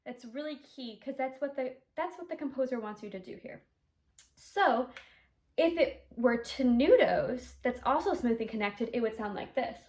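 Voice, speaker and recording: High-voiced woman teaching flute, echoey room. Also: lively intonation, normal speed, darkish tone. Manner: clear step-by-step explaining, sings articulation syllables. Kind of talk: instrumental music lesson.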